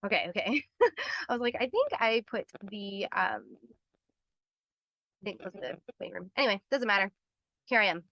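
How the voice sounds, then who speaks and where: A woman's voice: mid-range voice, lively intonation, normal speed, long pauses, pushed and bright, no room sound, lo-fi sound. A woman hosting a live health webinar, explaining in a chatty way, laughing often and acting out little voices as she goes.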